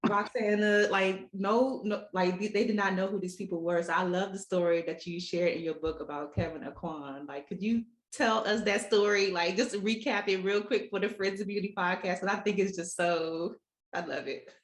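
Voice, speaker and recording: A woman's voice: mid-range voice, steady tone, normal speed. A woman hosting a podcast, chatting casually with lots of fillers. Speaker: podcast host. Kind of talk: casual interview chat. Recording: echoey room.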